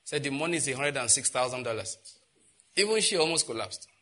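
A middle-aged male pastor preaching a sermon, telling stories and rising to loud, impassioned outbursts. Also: medium pitch, lively intonation, quick pace.

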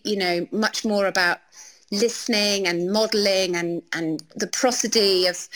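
A woman's voice: mid-range voice, a bit bright, poor audio. A woman hosting an education podcast, chatty and enthusiastic, often ending points with tag questions. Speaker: podcast host. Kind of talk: conversational podcast interview.

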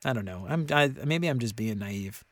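A man in his thirties co-hosting a podcast in casual chat, animated and rambling, often laughing. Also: fairly low pitch, moderate pace, dry recording. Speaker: podcast co-host.

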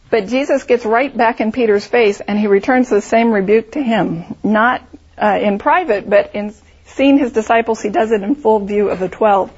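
Husky woman teaching scripture. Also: medium pitch, moderate pace, darkish tone, highs cut off. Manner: explanatory, vivid storytelling with hypothetical scenarios. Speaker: Bible teacher. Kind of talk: Bible study teaching.

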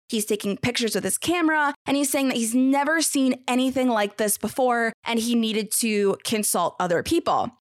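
Woman hosting a podcast, kinda high voice, blunt and worked up, swears, dry close mic. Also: no room sound. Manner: animated, incredulous, blunt, swears. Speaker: podcast host. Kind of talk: casual conspiracy podcast chat.

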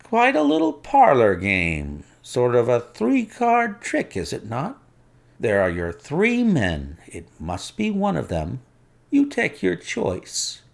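A man doing Sherlock Holmes, crisp and commanding. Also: mid-range voice, huge pitch swings, slow pace, voice pushed up, exaggerated voice. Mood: teasing. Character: sharp, brisk male detective. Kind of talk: audiobook reading.

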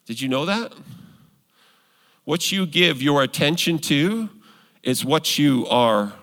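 A man's voice: fairly high pitch, animated, slow pace, fairly bright tone. A man preaching a sermon as pastor, earnest and conversational, building to emphatic points. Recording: long hall reverb.

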